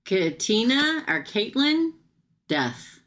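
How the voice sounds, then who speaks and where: A middle-aged woman with a hoarse, worn voice, hosting a casual live tarot reading, chatty and laughing often as she talks to the viewer. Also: fairly high pitch, sing-song, slow, a bit bright. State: hoarse, losing her voice.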